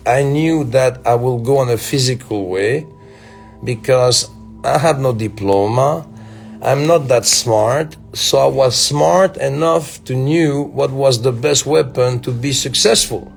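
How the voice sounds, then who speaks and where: Slow gravelly man with a Belgian French accent. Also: mid-range voice. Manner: slow, musing, with halting restarts. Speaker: speaker addressing fans. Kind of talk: reflective motivational talk.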